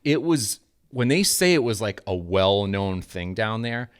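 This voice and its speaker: A man's voice: lowish voice, animated, unhurried, smooth. A man in his thirties from New England, telling a casual, profane story as a podcast co-host.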